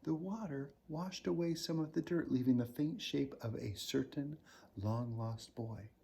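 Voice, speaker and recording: A man, a children's author, reading a picture book aloud with animated storytelling, swinging pitch and loudness and dropping to a whisper. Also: measured pace, vocal fry, slight background noise.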